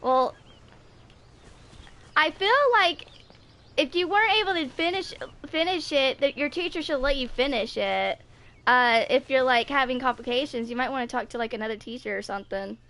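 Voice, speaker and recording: A woman's voice: high-pitched, moderate pace, fairly bright tone. A woman in her twenties chatting casually with viewers while streaming a game, full of fillers like "like" and "dude.". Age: 20s. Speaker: gaming streamer. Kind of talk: casual live-stream chat.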